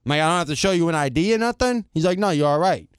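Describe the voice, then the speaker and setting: A man with a slightly high voice that swings up and down as he tells a story. He is animated and exasperated, acting out each side of the conversation in a casual, profane way. The sound is close and dry, with no room around it. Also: rapid-fire, clean tone, no echo. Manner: animated, acts out both sides of a story, swears casually. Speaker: podcast co-host. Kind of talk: casual chat, storytelling rant.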